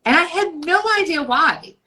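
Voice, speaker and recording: Bright, blunt woman in her fifties. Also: sits high, animated, low-quality recording. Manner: blunt, emphatic, swears freely; acts out inner voices in quick asides. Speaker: podcast co-host. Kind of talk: casual conversational chat.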